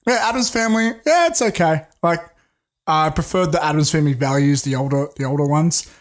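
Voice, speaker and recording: A male podcast co-host with a somewhat high voice. He rambles casually, jokes around and trails into fillers as he chats about films. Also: fairly quick. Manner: rambling and jokey, with many fillers. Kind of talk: casual film podcast chat.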